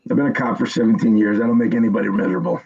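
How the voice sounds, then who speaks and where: A man in his forties with a New Jersey accent joins by video call and speaks haltingly, full of fillers and restarts. His voice is husky, and the call audio comes through dull and lo-fi. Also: on the low side, steady tone, a little mellow. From New Jersey, USA. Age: 40s. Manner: hesitant, halting, many fillers. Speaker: guest caller. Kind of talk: casual chat.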